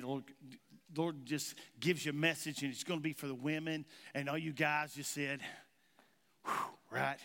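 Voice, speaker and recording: Preaching a sermon in a church sanctuary, a male pastor with a drawl tells stories in a folksy way and repeatedly quizzes his listeners. His voice is somewhat high for a man and a bit bright, and his words fade into long, ringing church reverb.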